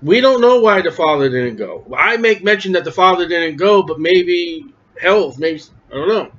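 A high-voiced man delivers a lively sermon at a normal pace, posing questions to himself and then answering them in a conversational way. When he plays characters from the story, his pitch climbs to act out their words. The recording sounds lo-fi and dull, though slightly bright.

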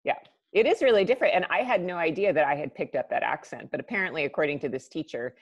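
A woman's voice: low voice, animated, fast talker, husky, dry recording, lo-fi sound. A woman hosting a casual chat, talking freely with lots of "like" fillers. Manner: chatty, uses many fillers like "like". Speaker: host.

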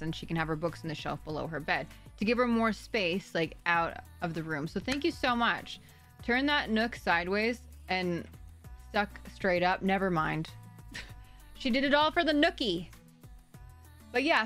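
A woman's voice: lowish voice, fairly bright tone. A woman livestream host chatting casually with viewers, bubbly and rambling as she reads chat aloud.

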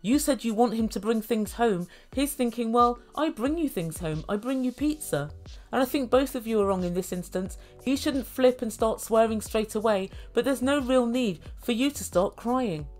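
A woman's voice: a little high, moderate pace, few pauses, darkish tone, soft background music. Wry woman recapping a show. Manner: wry, mocking asides. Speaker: reality TV reviewer. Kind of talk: sarcastic recap commentary.

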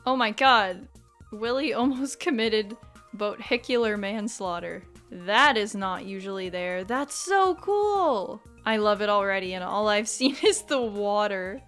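A young woman hosting a let's play, chatting bubbly and excitable, bursting into squeals. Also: mid-range voice, unhurried, soft background music. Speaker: gaming channel host.

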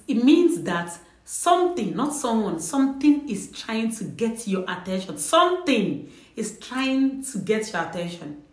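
A woman's voice: medium pitch, echoey room. A woman giving earnest, repetitive spiritual advice straight to the viewer in a casual vlog. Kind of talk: casual direct-to-camera advice.

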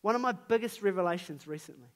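A man's voice: high voice, lively intonation, fast. A man in his thirties with a New Zealand accent, preaching a sermon in an earnest, conversational way with emphatic rises on key phrases.

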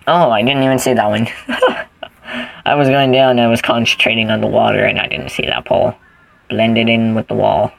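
A man's voice: on the low side, flat delivery, a little fast, vocal fry, dry recording, poor audio. A man giving casual gameplay commentary, rambling goofily and thinking aloud as he plays. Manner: rambling, goofy, thinks aloud while playing. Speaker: gaming channel host.

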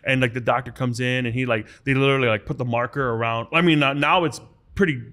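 This podcast guest, a man from the US, is a fast talker with a medium-pitched voice. Animated and casual, he relates his story, frequently starting sentences over and acting out dialogue from other people.

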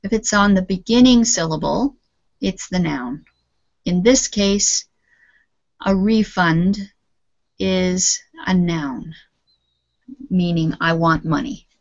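Woman english teacher on a call, talks slow and careful, kinda dull lo-fi sound. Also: fairly low pitch, creaky. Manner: patient, explains and models pronunciation slowly. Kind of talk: online English lesson. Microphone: computer mic on a video call.

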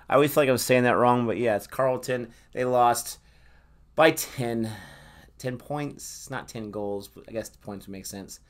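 A man's voice: mid-range voice, moderate pace. A man co-hosting a sports reaction video, joking and teasing in a casual chat. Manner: playful, joking, animated. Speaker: co-host of a reaction channel.

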